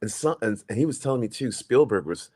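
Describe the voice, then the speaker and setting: A man spins a street story in loose, profane podcast chat. His pitch swings widely as he acts out neighbors and cops, rising and dropping with each beat. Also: fast, husky. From New York. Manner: animated storyteller, swears, acts out quoted people. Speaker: podcast co-host.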